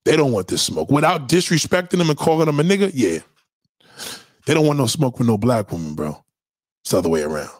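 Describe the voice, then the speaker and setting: A man's voice: mid-range voice, sing-song, quick pace, no echo, studio quality. A man hosting a livestream, ranting bluntly and profanely at his chat and hammering his points home by repeating them. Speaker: livestream host reacting to chat. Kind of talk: unscripted livestream commentary.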